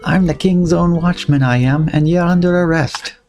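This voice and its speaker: A man's voice: on the high side, moderate pace, creaky, a little mellow, faint music behind, voice pushed up. A man voicing a bossy, self-important colonial watchman who barks accusations. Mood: accusing. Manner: blustering, accusing.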